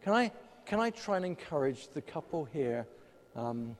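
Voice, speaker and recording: A man's voice: a little high, very animated, normal speed. Man preaching in a reverberant hall. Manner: conversational, self-deprecating humour. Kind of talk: sermon with prayer.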